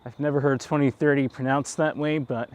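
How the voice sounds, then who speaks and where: A man's voice: medium pitch, steady tone, fairly quick. Chatty man with a slight New York accent. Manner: rambling, chatty, chuckling asides. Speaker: livestream host. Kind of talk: casual walk-and-talk livestream. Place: outdoors on town streets at night.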